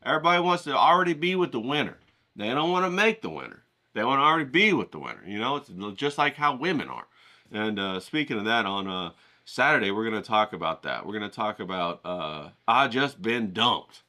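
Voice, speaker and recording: A middle-aged man rambling casually to his viewers, profane and animated, acting out the voices of the people he quotes. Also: mid-range voice, quick pace. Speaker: vlogger painting outdoors.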